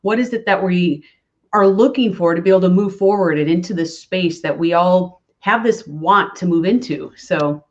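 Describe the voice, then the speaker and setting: A woman's voice: lowish voice, normal speed, lo-fi sound. A woman from Minnesota, a guest coach, speaking upbeat in a casual live-stream chat over a video call.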